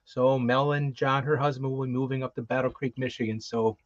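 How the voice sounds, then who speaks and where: A man's voice: medium pitch, steady tone, a little fast, no room sound. Rambling man co-hosting, dull lo-fi sound. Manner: rambling, many fillers and restarts. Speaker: co-host. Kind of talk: casual show chat, previewing guests. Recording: dull lo-fi, dry.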